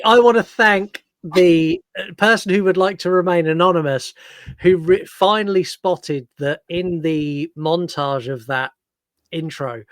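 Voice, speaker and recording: A man's voice: a little high, a bit bright, dry recording. A young man hosting a casual podcast, chatty and jokey with lots of ums. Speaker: podcast host.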